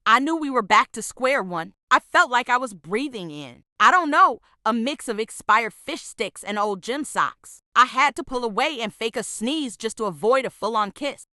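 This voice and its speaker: A woman's voice: on the high side, animated, moderate pace, few pauses, sharp tone, dry recording, clean studio sound. A woman reading out a scripted storytime in an exasperated, sarcastic way. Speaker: storytime narrator.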